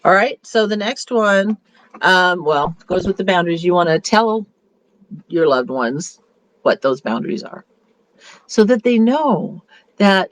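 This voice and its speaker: A woman's voice: medium pitch, expressive, a little slow, dull audio. Chatty, upbeat woman consultant. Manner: chatty and upbeat, with rambling restarts. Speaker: beauty consultant leading a meeting. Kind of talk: casual motivational talk.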